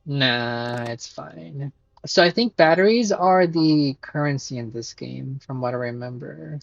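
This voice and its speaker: A man's voice: mid-range voice, measured pace, gravelly, no room sound, highs cut off. A man streaming a game, casually commenting, swearing and laughing as he reads dialogue aloud. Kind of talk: live gameplay commentary, reading dialogue aloud.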